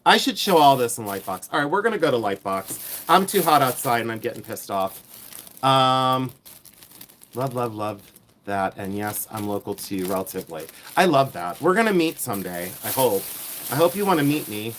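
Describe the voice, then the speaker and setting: A man from Ohio hosting a live reseller stream, showing his finds and chatting with viewers in an excitable, repetitive, teasing way. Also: mid-range voice, normal speed, a little hiss or hum. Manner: excitable, chatty, repeats himself, teases viewers. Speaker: reseller livestream host. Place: outdoors in the heat.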